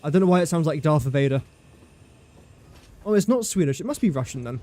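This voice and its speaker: A man's voice: fairly high pitch, animated, brisk, mellow. A man streaming live gameplay commentary, thinking aloud in a chatty way, talking to his game and to viewers in chat.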